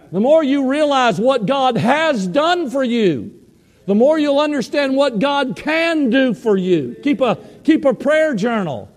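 A man preaching a sermon, telling a story in an animated way and acting out the people in it. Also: very high voice, long reverb tail.

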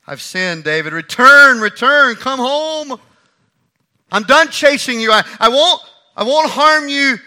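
A man's voice: mid-range voice, fairly even intonation, slow pace, vocal fry, few pauses, sharp tone, breathy edge, in a large hall, heavily acted. A man preacher voicing a remorseful male king who begs another to come home, repeating himself. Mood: pleading.

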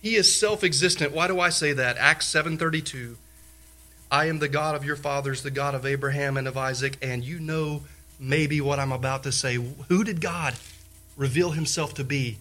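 Emphatic male preacher, bright voice. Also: on the high side, moderate pace. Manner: emphatic preaching, repeats phrases, swings from loud to hushed. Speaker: pastor. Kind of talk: sermon.

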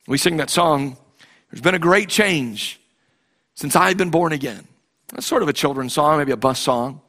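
A man with a fairly high voice delivers a heartfelt sermon from the pulpit. He presses his congregation with repeated rhetorical questions and restarts his phrases as he goes. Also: moderate pace, pushed and bright. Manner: impassioned, repetitive, with frequent restarts and rhetorical questions. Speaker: pastor.

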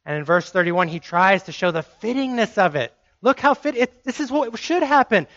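A man's voice: high voice, expressive, normal speed, a bit bright, no echo, lo-fi sound. A man preaching a sermon, emphatic and driving points home by repeating phrases.

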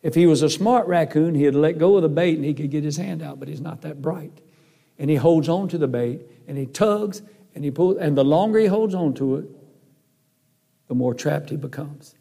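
A man's voice: fairly high pitch, creaky, dark tone. A man preaching a sermon and telling stories in an earnest, folksy way. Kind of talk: sermon with storytelling. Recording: long hall reverb.

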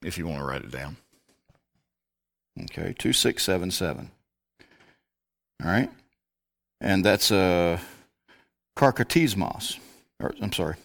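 A man's voice: low-pitched, unhurried, vocal fry, pauses often, a bit bright. A man teaching a Bible lesson as a pastor, talking his way step by step through a word study with muttered asides.

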